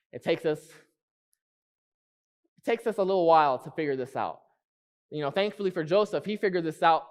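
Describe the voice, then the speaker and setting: A man preaching a sermon in church, earnest, repeating key phrases and slowing down to stress them. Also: a little high.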